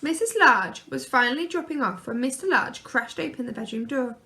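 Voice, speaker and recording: A woman reading a children's picture book aloud, gently and expressively. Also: on the high side, lively intonation, moderate pace, hardly any pauses. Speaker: storyteller.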